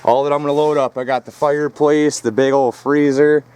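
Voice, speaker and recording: A man filming a casual vlog outdoors at a rural property. He talks straight to his viewers in a rough, profane way. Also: fairly high pitch, flat delivery, brisk, a little mellow. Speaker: scrap metal vlogger.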